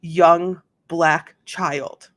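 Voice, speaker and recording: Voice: mid-range voice, fairly even intonation, drawn-out words, fairly bright tone. A host giving casual commentary on a court trial, chatty and full of fillers and asides, reading testimony aloud.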